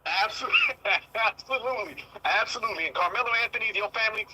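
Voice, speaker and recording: A man's voice: sits high, quick pace, sharp tone, slight background noise, rough recording. A man hosting a heated commentary talk show, emphatic and repetitive, often swearing. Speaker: host.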